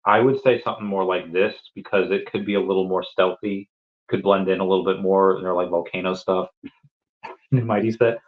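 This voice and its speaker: A man's voice: sits low, fairly even intonation, fairly quick, narrow, tinny audio. A man hosting a casual livestream, answering chat questions in a rambling way and often repeating words as he restarts.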